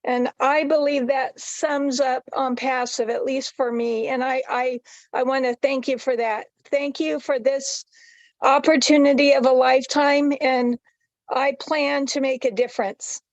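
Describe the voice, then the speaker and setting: High-pitched woman slow n emotional on a muffled webinar call. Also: fairly even intonation, dry recording. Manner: heartfelt, emotional. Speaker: webinar participant. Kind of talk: emotional testimonial. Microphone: video call.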